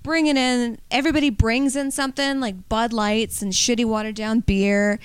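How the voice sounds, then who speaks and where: A woman with a smooth, clear voice set a little high. She chats in a wry way, close and dry on the mic. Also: steady tone, normal speed, dry recording. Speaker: podcast co-host, comedian. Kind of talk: casual chat.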